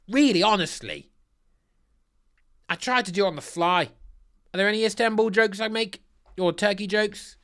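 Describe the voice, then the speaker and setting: A man giving blunt, crude, sarcastic commentary while ranking football kits. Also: a bit bright. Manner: blunt, crude and sarcastic, with big swings in pitch. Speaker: football kit reviewer. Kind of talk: comedic kit ranking commentary.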